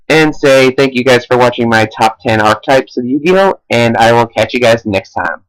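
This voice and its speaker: A man's voice: mid-range voice, moderate pace, hardly any pauses, dry recording, low-quality recording. A man giving casual countdown commentary as a YouTuber, rambling in loose, slangy chatter. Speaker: YouTuber ranking card game decks.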